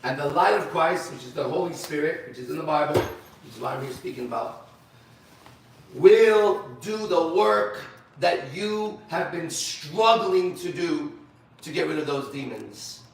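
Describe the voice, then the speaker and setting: A man preaching to a men's group, blunt and emphatic, repeating phrases for stress. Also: fairly high pitch. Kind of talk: sermon-style teaching. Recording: very echoey room, voice far from mic.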